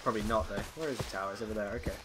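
A man's voice: on the low side, rapid-fire. Sarcastic guy gaming. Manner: sarcastic, chatty, easily exasperated. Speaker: let's play gamer. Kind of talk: casual gameplay commentary. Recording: game music loud behind voice.

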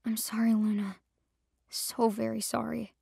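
A woman voicing an apologetic young man who speaks softly and slowly, almost whispering. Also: fairly high pitch, little pitch movement, gravelly, no room sound, studio quality. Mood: remorseful. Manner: hushed, apologetic, slow. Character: remorseful young man, loyal guard, soft-spoken.

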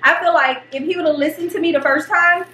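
A middle-aged woman and mother, hosting a home vlog, telling a story in an animated, excitable way. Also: very high voice, quick pace, reverberant, recorded from a distance, slight background noise. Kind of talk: casual storytelling. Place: home kitchen.

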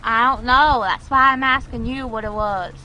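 A woman's voice: a little high, sharp tone, dull audio. A woman chatting casually and giggling outdoors on a boat. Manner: giggly, unhurried. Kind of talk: casual chat.

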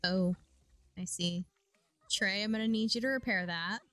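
A young woman streaming a life-sim game, chatting casually and getting excited and squealy at times. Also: medium pitch, normal speed, no echo. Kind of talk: casual gameplay commentary.

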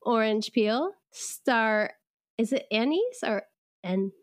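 A woman's voice: fairly high pitch, big pitch swings, slow pace, dry recording, clean studio sound. A young woman co-hosting a podcast, chatting casually and laughing often. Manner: giggly, chatty. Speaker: podcast co-host. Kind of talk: casual chat.

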